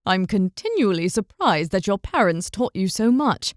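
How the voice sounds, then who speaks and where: A woman's voice: mid-range voice, big pitch swings, normal speed, no echo, clean studio sound, lightly acted. A woman voicing a courteous young male knight in an audiobook, speaking politely and with measure. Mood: measured.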